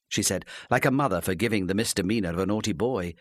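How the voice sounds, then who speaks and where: Studio-quality audio with no room sound captures a man reading scripted audiobook narration. His voice is lowish and his reading measured yet expressive.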